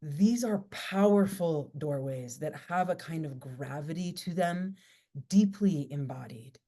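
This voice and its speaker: A woman with a low, mellow voice speaks slowly and deliberately. She builds her points in measured, rhythmic lists, like a workshop teacher reflecting aloud. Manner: slow, measured, incantatory phrasing in lists. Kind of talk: reflective spoken talk.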